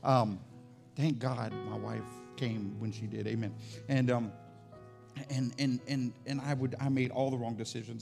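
Gravelly man preaching in church. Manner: conversational testimony, repeats words when building up; climbs higher and louder when stirred. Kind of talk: sermon. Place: church service.

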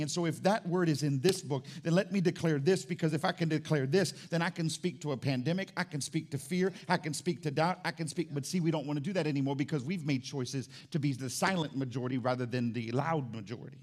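A male pastor preaching a sermon in a church, impassioned, swinging from low and intimate to loud and fervent. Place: church sanctuary.

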